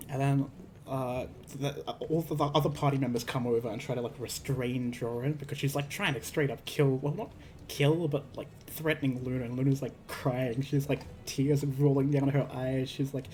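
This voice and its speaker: A man's voice: medium pitch, steady tone, normal speed, darkish tone, soft background music. A man casually recounting a tabletop game session, rambling with lots of fillers and restarts. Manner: rambling, filler-heavy, acts out characters. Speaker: streamer telling a tabletop game story. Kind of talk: casual storytelling.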